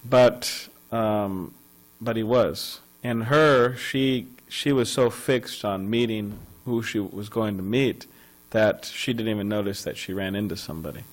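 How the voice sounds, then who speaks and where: Guy giving a temple scripture class, kinda low voice, rambly with lots of uhs, mains hum in the back. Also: unhurried, hardly any pauses, low-quality recording. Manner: rambling, conversational storytelling with many fillers and restarts. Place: temple hall.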